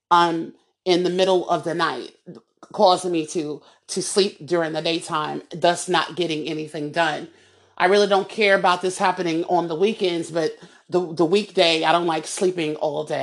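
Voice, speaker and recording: A woman with a fairly low voice hosts a solo podcast monologue. She talks in a heated, emphatic way, and she often circles back and repeats her words. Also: creaky. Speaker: podcast host.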